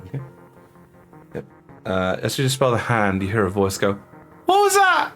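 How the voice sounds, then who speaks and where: A man's voice: fairly low pitch, moderate pace, soft background music. A man narrating as dungeon master, hesitant with frequent fillers. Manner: hesitant, many fillers and restarts. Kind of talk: narrating a tabletop game.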